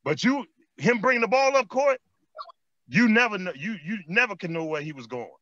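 A man's voice: sits high, moderate pace, dry recording, muffled recording. A man with a Chicago accent, a former basketball player telling stories in an interview, repeating his phrases and saying "man" a lot. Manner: animated street storytelling, repeats phrases and says "man" often. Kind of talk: storytelling interview chat.

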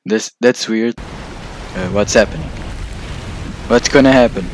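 A man in an in-character vlog over gameplay, playing a house owner and breaking into frightened, excited exclamations with stammered repeats. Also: lowish voice, slow pace, slight background noise.

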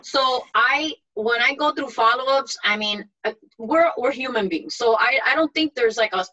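A woman's voice: a little high, moderate pace, pushed and bright, dull audio, slight background noise. A woman mentor giving practical, matter-of-fact advice on a video call. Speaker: mentor coach.

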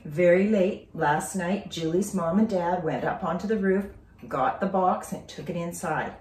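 A woman teacher reading a children's story aloud with expressive, dramatic storytelling. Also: on the low side, a little slow, a little hiss or hum. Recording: roomy, distant from mic.

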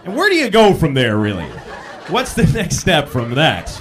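A man doing a stand-up set on a club stage, telling stories and breaking into loud yells for punchlines, with the audience laughing behind him. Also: on the high side, moderate pace, some chatter behind. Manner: animated storytelling, bursts into loud yells for punchlines. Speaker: stand-up comedian.

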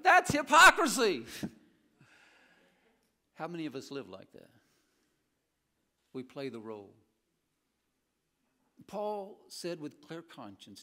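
Animated Midwestern pastor preaching. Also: male voice, fairly high pitch. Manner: animated preaching with humorous stories. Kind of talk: sermon. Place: church sanctuary.

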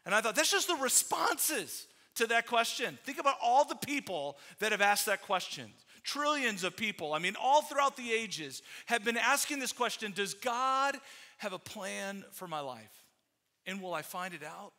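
Middle-aged male pastor, high ringing voice, chatty sermon storytelling. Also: lively intonation, normal speed, hardly any pauses, sharp tone. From Iowa. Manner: storytelling with quoted voices, many fillers. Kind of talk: conversational sermon. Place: church sanctuary.

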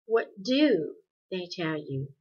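A woman doing a soft-spoken teenage boy. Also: lowish voice, sing-song, slow, breathy edge, heavily acted. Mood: gentle. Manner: soft and gentle. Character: gentle teenage boy, calm and kind. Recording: dull lo-fi recording.

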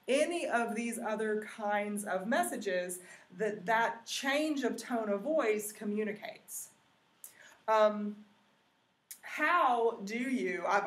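A woman teacher talks through a lesson at an ordinary mid pitch, explaining patiently and filling pauses with ums and uhs. Her voice sounds roomy and hollow. The mic sits some way off. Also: distant mic. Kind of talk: recorded classroom lecture.

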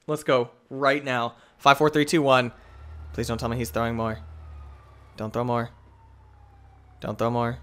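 A young gaming channel host with a mid-range voice speaks at a measured pace, leaving long pauses. Still, his live commentary is excitable, moving from mutters to yells as he trash-talks other players.

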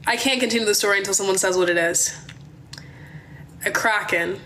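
A young woman from Maryland telling a wild story on her phone livestream, chatty and animated, swearing and calling her viewers y'all. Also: mid-range voice, fairly quick, a little hiss or hum. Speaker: livestream host.

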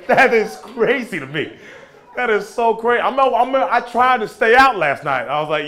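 A young American man doing stand-up, doing animated, playful crowd work and talking back to the audience. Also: high voice, normal speed. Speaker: stand-up comedian. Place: comedy club stage before a live audience. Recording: live club recording with audience laughter. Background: audience laughter.

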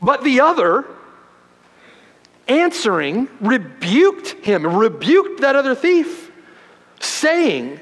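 A male pastor preaching a sermon, moving from loud, forceful emphasis to hushed, quiet passages. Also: big pitch swings, slow pace, pauses often. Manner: dramatic preaching, swinging from loud emphasis to hushed low tones. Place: church sanctuary. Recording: long hall reverb.

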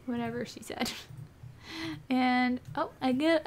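Une jeune vidéaste au timbre haut perché qui commente son jeu sur un ton emballé. Elle s'exclame et s'attendrit sans cesse devant les animaux à l'écran. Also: female voice, high voice, unhurried, long pauses, a little hiss or hum. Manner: gushing, squealing over cute animals. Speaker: gaming YouTuber. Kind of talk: excited gameplay commentary.

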